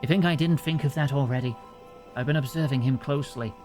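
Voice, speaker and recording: A man voicing a weary male secret agent held prisoner in a game, speaking slowly and gravely. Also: mid-range voice, a little mellow, faint music behind, natural voice. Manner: slow, grave, matter-of-fact.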